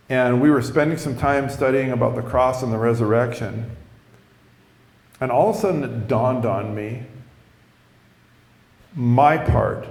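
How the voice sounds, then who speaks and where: A man who is a pastor tells his conversion story in a sermon, with lively storytelling and self-mocking humor. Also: medium pitch. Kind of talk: sermon testimony. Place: church. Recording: echoey hall.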